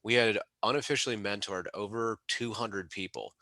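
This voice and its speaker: A man's voice: on the low side, fairly even intonation, moderate pace, pushed and bright, no echo. A man being interviewed, telling stories in an enthusiastic, rambling way with many restarts. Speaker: mobile home park operator and mentor. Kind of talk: casual interview storytelling.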